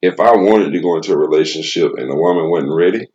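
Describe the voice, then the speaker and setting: A man's voice: deep voice, fast talker, darkish tone, muffled recording. A young man co-hosting a casual chat, blunt and crude, joking and laughing often. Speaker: podcast co-host.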